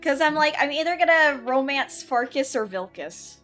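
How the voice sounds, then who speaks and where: A woman's voice: high-pitched, lively intonation, normal speed, fairly bright tone, faint music behind. Chatty, blunt woman streaming a game. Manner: chatty and blunt, swears freely. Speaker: VTuber streamer. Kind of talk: casual game-stream chat.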